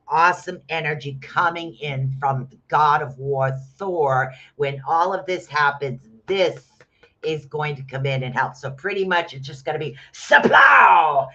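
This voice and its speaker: A man giving casual rune readings on a live stream, chatting with viewers and bursting into loud exclamations. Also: fairly high pitch, a little slow. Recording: dull lo-fi stream audio.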